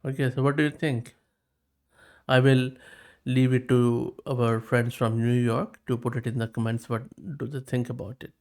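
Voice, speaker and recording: A man hosts a tech walkthrough in a casual, chatty voice. He talks at an even pace and often pauses on fillers. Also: medium pitch. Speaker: tech video host.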